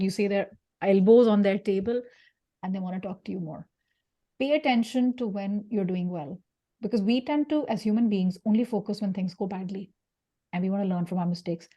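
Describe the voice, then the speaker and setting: Speaking at a medium pitch, a woman delivers a lively career-coaching talk before an audience. She performs quoted voices and laughs as she goes.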